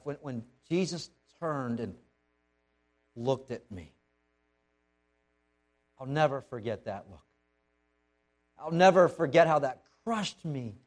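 A man voicing the apostle Peter as a humbled, remorseful grown man, speaking softly and in a subdued way. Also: a little high, close to an everyday voice. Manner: soft, hushed and subdued.

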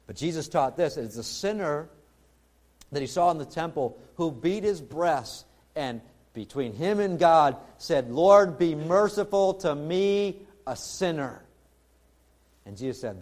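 A middle-aged male pastor preaching a sermon, swinging between loud, rising appeals and low, quiet scripture lines.

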